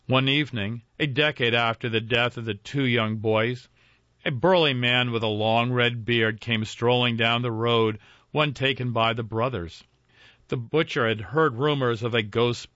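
A man narrating a folk ghost story in a measured, dramatic reading. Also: medium pitch, pushed and bright, dry recording. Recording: dry, dull lo-fi with faint music.

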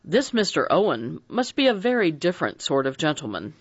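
A narrator reading a mystery novel aloud in an expressive, dramatic audiobook style. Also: mid-range voice, brisk, hardly any pauses, breathy edge, no room sound. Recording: dry dull lo-fi recording.

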